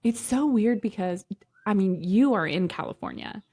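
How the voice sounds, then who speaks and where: A woman co-hosting a podcast in casual chat, animated and chatty, laughing often. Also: mid-range voice, normal speed, breathy edge. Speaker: podcast co-host.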